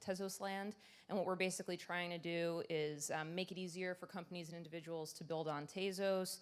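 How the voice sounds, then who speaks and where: A woman's voice: on the low side, fairly bright tone, smooth. Lady giving a conference talk on stage, chatty, pokes fun at herself, says um a lot. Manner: conversational and self-deprecating, many fillers. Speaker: conference speaker.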